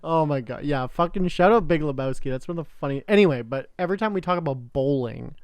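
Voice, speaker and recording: Young canadian dude cohosting a podcast, smooth voice, laughs and swears a lot. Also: male voice, on the high side, fast talker, dry recording. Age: young adult. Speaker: podcast co-host. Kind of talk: casual chat.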